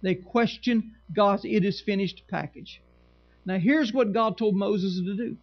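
A male pastor preaching in a church, his voice strikingly high with a gravelly edge. He mixes scripture reading with dry, sarcastic asides to his congregation, and the recording sounds dull and lo-fi. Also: a little slow. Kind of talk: sermon.

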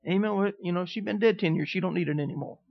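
A man's voice: high voice, fast talker, gravelly. A middle-aged man preaching a sermon, telling stories and calling for amens from the congregation. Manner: storytelling preacher, calls out "Amen?" to the congregation. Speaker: pastor. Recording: dull lo-fi sermon recording.

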